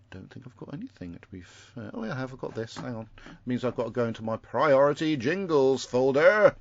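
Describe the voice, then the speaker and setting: Low-voiced man rambling through feedback. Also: vocal fry, dull audio. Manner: rambling, self-interrupting, chuckling asides. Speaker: podcast host reading listener feedback. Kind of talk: casual chat.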